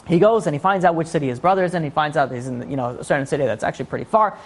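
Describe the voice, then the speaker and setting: This rabbi's sermon comes rapid-fire in a fairly high-pitched male voice. He animates his story by performing the voices of the people in it.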